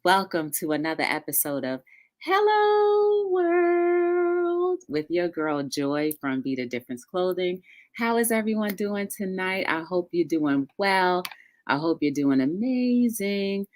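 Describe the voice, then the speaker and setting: A woman hosting a live-streamed talk show, greeting chat viewers by name in a lively, sing-song way. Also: lowish voice, moderate pace.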